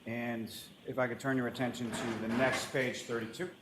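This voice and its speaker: A man's voice: medium pitch, flat delivery, normal speed. A man questioning a witness in court as an attorney, formal and polite, repeating set phrases. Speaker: trial attorney. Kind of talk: courtroom direct examination. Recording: roomy courtroom with background noise.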